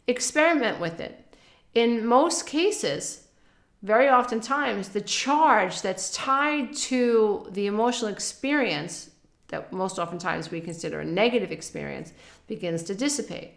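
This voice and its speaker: A woman with a mid-pitched voice and a gravelly, creaky edge talks about emotional healing in a calm, loosely structured monologue. She repeats phrases like affirmations and keeps a soothing tone. Her voice bounces a little off the walls of an echoey room. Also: measured pace. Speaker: spiritual wellness teacher. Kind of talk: casual advice monologue to camera.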